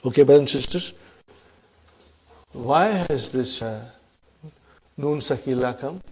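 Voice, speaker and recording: A man teaching an Arabic grammar lesson in English, quoting verses quickly and often asking the class "huh?" to check they follow. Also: medium pitch, darkish tone, breathy edge. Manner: recites Quranic Arabic quickly, then explains in English.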